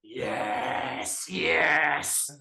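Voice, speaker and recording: A man voicing a brash noodle packet who turns into a superhero, with loud, theatrical proclamations. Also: on the high side, drawn-out words, gravelly, roomy sound, voice pushed up, heavily acted. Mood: triumphant.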